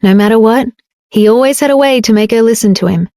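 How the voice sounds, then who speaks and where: A woman narrating a romance audiobook in an even, measured storytelling way. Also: fairly high pitch, no room sound, studio quality.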